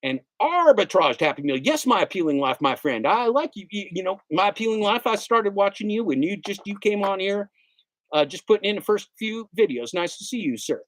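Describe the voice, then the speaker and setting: A middle-aged man ranting on a livestream, his pitch leaping up and down as he hammers the same points again and again. His voice sits a little high for a man and sounds close and dry, with no room echo. He talks with a sarcastic, emphatic edge. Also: lively intonation, fairly quick. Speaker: gig delivery driver streamer. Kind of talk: casual livestream rant.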